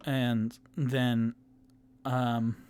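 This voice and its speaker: A man's voice: mid-range voice, little pitch movement, extremely slow, a little mellow, clean tone. A man who is the game master and sole player of a tabletop game, narrating in a rambling, casual way.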